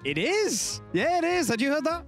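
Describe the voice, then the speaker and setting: A man with a high, very lively voice hosts a quiz in a teasing, upbeat way. His pitch leaps around as he repeats his punchlines. Faint music plays underneath. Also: normal speed. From Britain. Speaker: host of a quiz segment. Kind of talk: playful quiz hosting.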